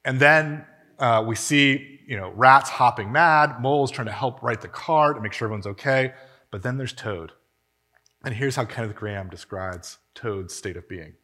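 Bright-voiced male preacher telling stories. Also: medium pitch, moderate pace. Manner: animated, conversational storytelling. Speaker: pastor. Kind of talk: sermon. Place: church hall.

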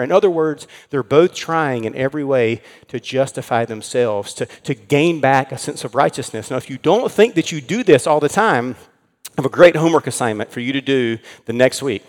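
A man delivers an earnest sermon in a church, slowing down to land his key points. His voice sits a little higher than most men's. A long reverb trails each phrase. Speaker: pastor.

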